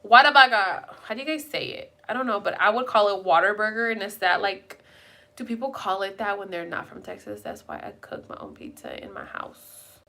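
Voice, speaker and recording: A woman's voice: medium pitch, very animated, brisk, pushed and bright. A young woman live-streaming at home, chatting with viewers in a rambling, casual way and swearing now and then. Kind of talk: casual chat.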